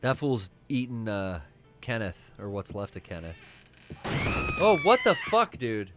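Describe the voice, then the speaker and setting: A man's voice: on the low side, wildly swooping pitch, measured pace, over loud music. A man co-hosting a gaming stream, chatting casually while he plays, rambling and swearing often. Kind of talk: casual let's-play chat.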